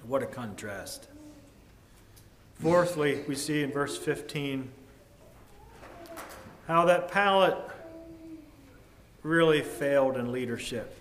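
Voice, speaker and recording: Male preacher, slow and earnest, rises loud then drops to a hush; echoey church room with faint background hum. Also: on the high side. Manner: measured, earnest, with sudden swings between loud and hushed. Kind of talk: sermon.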